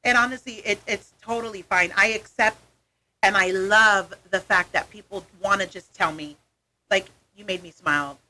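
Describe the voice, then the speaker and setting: A woman's voice: mid-range voice, normal speed. A woman in her thirties, a comedian guest in a radio studio, chatting casually and acting out voices as she tells stories. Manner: animated storyteller, acts out voices. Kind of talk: casual interview chat.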